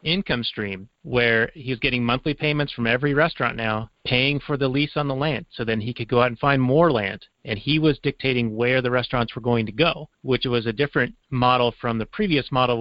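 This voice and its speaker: A man's voice: mid-range voice, brisk, few pauses, dry recording. A man co-hosting a podcast, explaining a movie's business plot in a casual, wry, teasing way. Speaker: podcast co-host. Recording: dry, slightly dull lo-fi sound.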